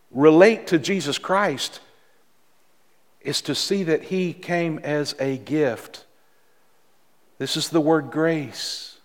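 A man pastor preaching a sermon in a church, with dramatic pauses and repeated words for emphasis. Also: on the high side, long reverb tail. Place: church sanctuary.

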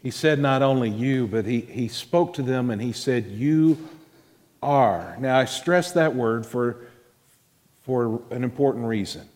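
A man preaching a sermon as pastor, swinging between loud, high emphasis and quiet, drawn-out words. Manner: dramatic swings in pitch and volume, drawn-out emphasis. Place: church sanctuary. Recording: long reverb of a church hall.

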